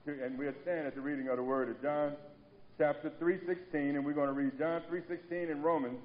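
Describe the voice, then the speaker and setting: A man delivering a sermon in a church, his somewhat high voice ringing out with a long echo through the large hall. He preaches with emphasis and repetition, calling on the congregation to answer him. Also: fairly even intonation, a little fast, highs cut off. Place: church sanctuary.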